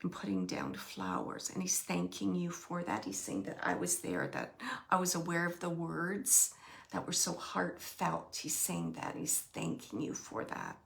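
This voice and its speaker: A woman medium passes along a spirit's words in a bright, slightly gravelly voice. She speaks in halting, repeated phrases and slips into near-whispers while she searches for the right word. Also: on the low side, big pitch swings. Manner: relays messages in soft, halting phrases, drops to whispers. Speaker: psychic medium. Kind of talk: channeling a spirit reading.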